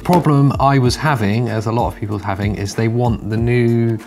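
A man's voice: mid-range voice, brisk, a little mellow, faint music behind. A man hosting a casual tech video, rambling and self-deprecating as he explains his computer upgrade. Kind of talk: casual bantering tech chat.

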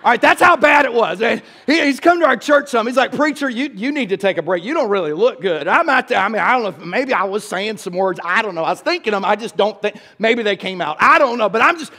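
Man, high voice, church sermon, folksy storyteller. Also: animated, fast talker, few pauses, sharp tone. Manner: folksy storytelling, asks the crowd "y'all". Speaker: pastor.

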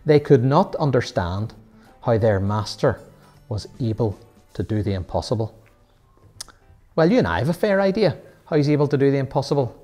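A man's voice: medium pitch, very animated, moderate pace, long pauses, dark tone, soft background music. A man leading a children's Sunday school Bible lesson, earnest and full of rhetorical questions.

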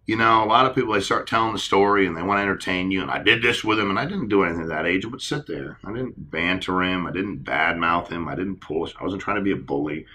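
A middle-aged man answers a panel question in an earnest, animated way, acting out the conversations he describes. His voice sits low but sounds bright and forceful. He talks at a quick clip. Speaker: insurance agency leader.

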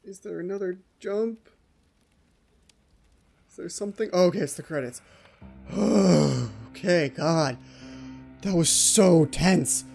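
Man, horror game let's play commentary, jumpy, anxious, repeats himself, mellow tone, faint music behind. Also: high voice, slow, creaky, long pauses, slightly rough. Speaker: gaming channel host.

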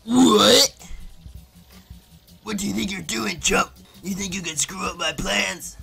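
A man voicing a blustering, pompous male villain commander in a video game, gruff and threatening as he barks orders. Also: sits high, fairly even intonation, slow pace, bright, forceful tone, faint music behind, exaggerated voice. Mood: annoyed.

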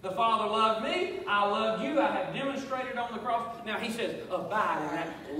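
Male pastor, high-pitched, preaching with call-and-response in a booming, reverberant sanctuary. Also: normal speed, a bit bright. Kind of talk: sermon. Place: church sanctuary. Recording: echoey church hall, voice from far off.

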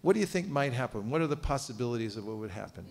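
A man leading a lively seminar for a live audience, playful and animated, getting the room to repeat phrases after him. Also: mid-range voice, rapid-fire, gravelly. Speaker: seminar teacher on book distribution. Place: seminar room at a cultural center.

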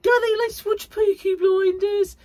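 A woman putting on an overdone, high-pitched Birmingham accent as a joke. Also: fairly even intonation, a little slow, warm tone, far from the mic. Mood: teasing. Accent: exaggerated Birmingham. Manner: exaggerated, squeaky, playful.

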